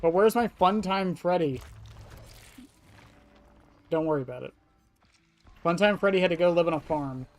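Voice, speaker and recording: Casual live streamer, jokey and laughing, voice a bit cracked, soft game music underneath. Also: mid-range voice, normal speed, pauses often. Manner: laughs often, joking with chat. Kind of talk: live-stream gaming commentary.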